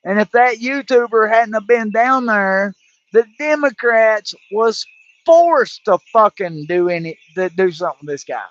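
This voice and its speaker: On a dull, lo-fi livestream with a dry recording, a man hosts an angry political rant in a high, animated, fairly bright voice. He speaks unhurriedly but heatedly, swearing heavily and restarting as he stumbles.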